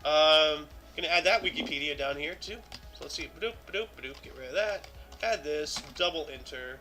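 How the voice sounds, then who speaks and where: Male streamer host, high and sharply bright, reads dates aloud and then riffs casually with lots of fillers. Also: a little fast, faint music behind, rough recording. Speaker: host of a daily history show. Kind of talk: livestream reading and commenting.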